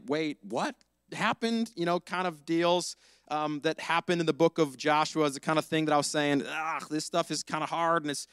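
A man's voice: on the high side, clear, resonant tone, no echo. A young man giving a casual sermon, telling a story with slang and acting out the voices. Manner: animated storytelling, acts out dialogue, slangy. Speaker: pastor.

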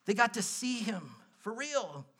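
Bright high-voiced male preacher. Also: husky. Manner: conversational, animated preaching with asides and quick bursts. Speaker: pastor. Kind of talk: sermon.

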